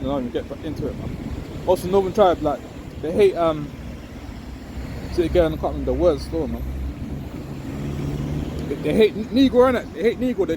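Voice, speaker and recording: A man giving an informal, rambling religious talk. He tags nearly every phrase with "man" or "innit" and reads scripture slowly and loudly. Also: fairly high pitch. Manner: reads scripture slow and loud. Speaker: street preacher. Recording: windy outdoor recording with wind noise on the mic.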